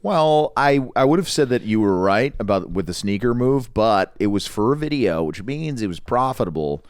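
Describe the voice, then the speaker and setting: An excitable young man in casual podcast chat who laughs a lot and keeps restarting his sentences. His fairly low voice swings up and down, and the recording is dry and close. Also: moderate pace, clear, resonant tone, no echo. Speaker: podcast co-host.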